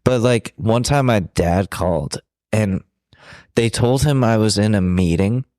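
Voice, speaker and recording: Low-voiced man, blunt and profane. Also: a little slow, mellow, no echo, studio quality. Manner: blunt, profane, self-deprecating. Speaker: podcast co-host. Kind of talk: candid storytelling chat.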